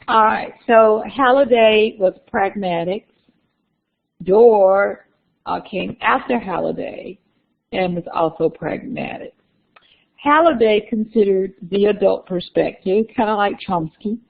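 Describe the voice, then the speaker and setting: A woman giving a classroom lecture, unhurried, repeating key terms and adding chatty asides to her students. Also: medium pitch, creaky. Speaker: university lecturer. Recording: tinny lo-fi lecture recording.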